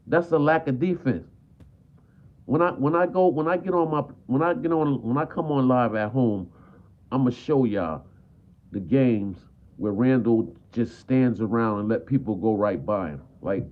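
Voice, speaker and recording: A frustrated man vents about his team on a live stream, circling back to the same complaints again and again. His voice sits at an ordinary pitch and comes through thin and phone-like. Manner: frustrated, repetitive, peppers talk with "man". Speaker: basketball fan streamer. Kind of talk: live stream sports rant. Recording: tinny phone-like audio.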